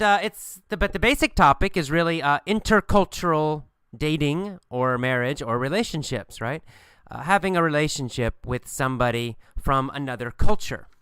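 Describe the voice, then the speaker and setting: A man's voice: mid-range voice, clear, resonant tone, no room sound. A man teaching English, telling a short story to practise tenses and then chatting casually about it with many fillers, recorded at home. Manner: relaxed, many fillers, acts out story lines. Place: bedroom at home.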